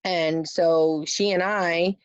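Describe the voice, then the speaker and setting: A woman's voice: fairly low pitch, fairly even intonation, slow pace, clear, resonant tone, no echo. Chatty woman in a dull dry recording. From rural Florida. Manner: chatty, lots of "like" and "um". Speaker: guest. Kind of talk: casual storytelling.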